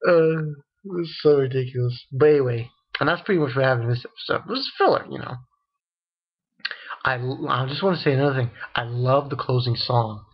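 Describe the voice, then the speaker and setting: A man giving a casual spoken recap of an anime episode, excitable and rambling, often laughing and restarting his sentences. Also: medium pitch, a little fast, highs cut off.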